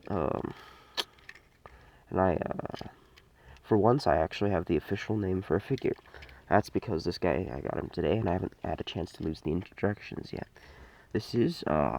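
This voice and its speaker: A man's voice: sits low, lively intonation, moderate pace, gravelly, a little mellow. A man giving a casual, unscripted toy review, rambling and hesitant with many fillers and restarts.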